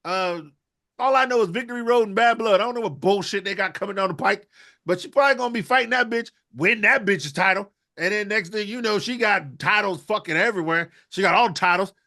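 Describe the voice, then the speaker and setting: A man with a high, bright voice delivers a rambling comic rant. His talk is loose and profane, full of riffs. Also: a little fast. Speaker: podcast co-host. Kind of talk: comedic rant.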